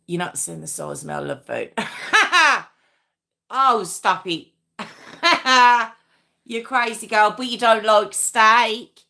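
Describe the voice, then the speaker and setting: Woman, live stream host, unhurried delivery, bright forward tone, giggly casual chat. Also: on the high side, animated, vocal fry. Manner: chatty, giggly, reads comments aloud. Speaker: true crime livestream host.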